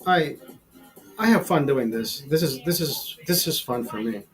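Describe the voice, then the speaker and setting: A man's voice: medium pitch, expressive, unhurried, faint music behind, low-quality recording. A man hosting a livestream, chatting to his viewers in a profane, rambling, easygoing way. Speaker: livestream host. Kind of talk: casual chat to viewers.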